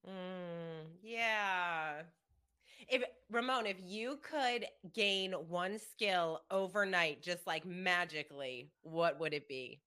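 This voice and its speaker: A woman's voice: fairly low pitch, slow, pushed and bright, clear, resonant tone. A woman hosting an interview podcast, asking questions in an upbeat, encouraging way. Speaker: podcast host. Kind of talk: casual interview chat.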